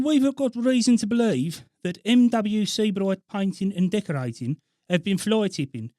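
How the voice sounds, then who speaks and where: A stiff, officious council officer speaking with a put-on Black Country accent, as a man puts him on for a prank call. He talks formally and deliberately in a slightly raised voice. The sound is dry and close, with no room around it. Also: sits high, darkish tone, no room sound.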